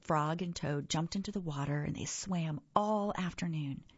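Husky woman reading a children's story. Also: deep voice, normal speed, no room sound, highs cut off. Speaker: storybook reader. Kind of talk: reading a children's book aloud.

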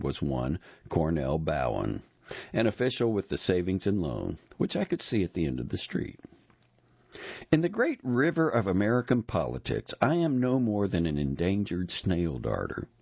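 Gravelly, deep-voiced man narrating wryly. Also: darkish tone, dry recording. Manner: wry, dry storytelling. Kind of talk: first-person audiobook narration. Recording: slightly dull, dry recording.

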